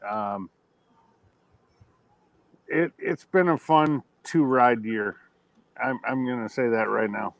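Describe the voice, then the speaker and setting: A man's voice: medium pitch, slow pace, creaky, long pauses, no room sound, lo-fi sound. Easygoing guy on a stream call, mid voice, dead dry sound. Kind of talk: casual livestream chat.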